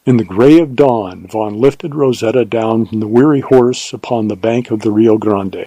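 A man reading a western novel aloud as narrator, in a measured, even storytelling manner. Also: on the low side, no echo, rough recording. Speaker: audiobook narrator. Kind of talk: scripted narration.

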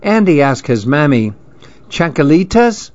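A man narrating a children's story in a calm, measured reading. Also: medium pitch, dry recording. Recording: dull lo-fi dry recording.

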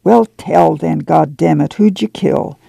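A gruff, weary farm father, voiced by a man reading a novel talks plainly in rural dialect. The voice is gravelly and mellow, and the sound is dry. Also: on the high side, a little slow, dry recording, heavily acted.

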